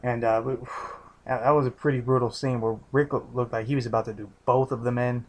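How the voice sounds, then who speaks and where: A man's voice: medium pitch, fairly even intonation, brisk. A man giving a casual, rambling recap of a TV episode, restarting his sentences often and swearing freely. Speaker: TV episode reviewer.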